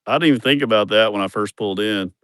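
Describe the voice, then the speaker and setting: A man rambles through a crude, joking tour of his farm. His voice sits a bit low, and the sound is dry and close. He talks casually into a phone camera outdoors. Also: fast talker, a bit bright, clean tone, no echo. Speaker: vlogger showing his farm. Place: outdoors on rural farmland.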